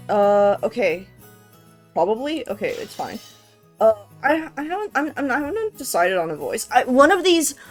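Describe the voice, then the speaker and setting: A young woman streaming a visual novel, chatting casually, joking with slang and laughing often. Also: fairly high pitch. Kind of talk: casual let's-play commentary, reading a visual novel aloud. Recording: faint music behind.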